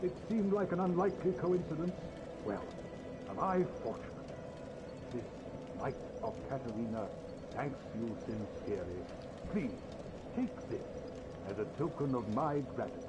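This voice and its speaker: An actor voicing a cheerful, polite armored knight in a video game, upbeat and hearty. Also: male voice, mid-range voice, animated, moderate pace, long pauses, natural voice. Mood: grateful. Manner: hearty, polite and good-humored. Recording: game audio with background noise.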